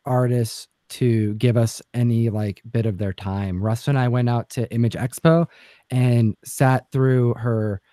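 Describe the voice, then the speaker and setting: A man's voice: medium pitch, steady tone, unhurried, warm tone, no room sound. Man, comic channel host, casual livestream chat, rambling with fillers, dry close sound. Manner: rambling storyteller, many fillers.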